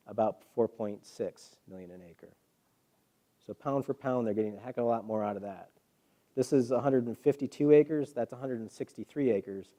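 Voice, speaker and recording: A man presenting to a live audience in a hall, telling stories with rhetorical questions and acted-out quotes. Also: medium pitch. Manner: animated storyteller, acts out quotes, rhetorical questions. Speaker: guest presenter. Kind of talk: public talk to a live audience.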